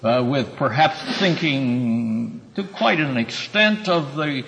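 A man's voice: mid-range voice, expressive, takes it slowly, creaky, fairly bright tone, big-room sound, a little hiss or hum, low-quality recording. A man teaching a Bible class, explaining scripture verse by verse and calling on students by name. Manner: earnest, emphatic when quoting scripture.

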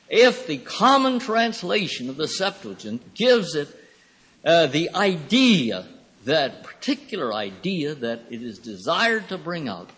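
Husky, high-voiced man lecturing in a hall. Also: a bit bright. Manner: rambling, thoughtful, with many pauses and fillers. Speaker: Bible teacher. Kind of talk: classroom lecture. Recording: reverberant hall recording.

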